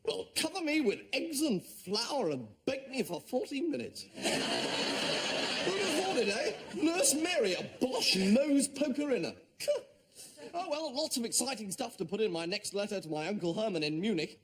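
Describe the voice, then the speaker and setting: Jolly dim lieutenant, hearty, giggly. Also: male voice, very high voice, big pitch swings, normal speed, a bit bright, exaggerated voice. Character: dim, jolly young upper-class English lieutenant. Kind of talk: TV sitcom acting.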